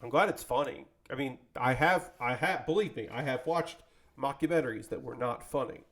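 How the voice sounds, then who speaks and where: A man's voice: mid-range voice, moderate pace. A man chatting casually with his live-stream audience while building a model kit, rambling and joking as he goes. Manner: rambling, animated, jokey, talks to chat.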